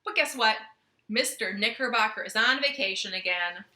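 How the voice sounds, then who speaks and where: A woman's voice: on the high side, moderate pace, pushed and bright, reverberant. A young woman leading a children's storytime from her living room, playful and sing-song as she talks to the kids.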